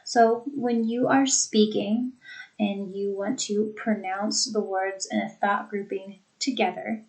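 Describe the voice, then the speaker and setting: Woman teacher going thru pronunciation examples, slow and careful, mid pitch. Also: poor audio. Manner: slow, deliberate, demonstrating phrasing by example. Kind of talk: pronunciation lesson.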